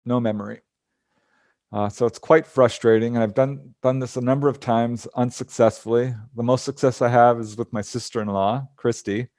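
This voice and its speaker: A man giving a casual talk over a video call, telling personal stories with lively acted-out dialogue and small laughs. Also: mid-range voice, moderate pace, dry recording, clean studio sound. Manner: animated storytelling, acts out quoted dialogue with laughs. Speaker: speaker on out-of-body travel.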